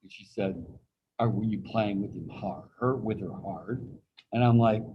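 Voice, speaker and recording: A man's voice: fairly low pitch, normal speed, dark tone, lo-fi sound, a little hiss or hum. A man teaching anatomy over a video call in a casual, folksy way, slipping anecdotes in and acting out the voices of people he quotes. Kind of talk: casual classroom lecture with personal anecdote.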